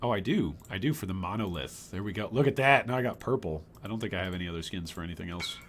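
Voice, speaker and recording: An older man from Michigan chatting with his chat while streaming a game, with bursts of excitement. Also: low voice, quick pace, a little hiss or hum. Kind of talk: live gameplay commentary.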